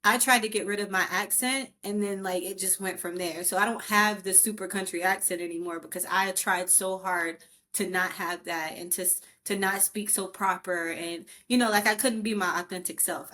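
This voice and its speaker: A woman's voice: on the low side, sharp tone. A woman from rural North Carolina co-hosting a podcast, sharing a personal story in a reflective way. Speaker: podcast co-host. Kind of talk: casual podcast discussion.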